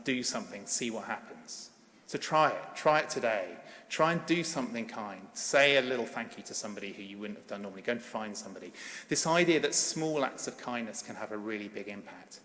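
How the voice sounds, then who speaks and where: A man's voice: mid-range voice, fairly bright tone. A middle-aged man, a paediatrician, giving a conference plenary in an earnest, emphatic way and urging the audience to act. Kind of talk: conference keynote speech. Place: large conference hall. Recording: long hall reverb.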